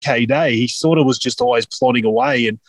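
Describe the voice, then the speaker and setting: A man's voice: mid-range voice, fast, slightly rough, no room sound. A man, co-hosting a podcast and bantering crudely about fantasy football. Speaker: podcast co-host. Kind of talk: casual fantasy football chat.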